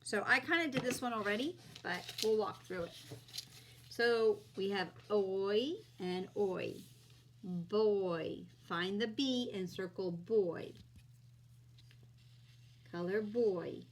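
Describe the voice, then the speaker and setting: A woman teaching young children phonics, slowly sounding out letters and vowel sounds with patient encouragement. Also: medium pitch.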